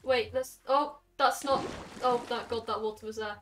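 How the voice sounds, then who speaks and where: A young woman streaming from her bedroom, chatting excitedly and gushing to her viewers. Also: on the high side, normal speed, background noise. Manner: excitable, gushing, talks to chat. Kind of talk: casual live-stream chat.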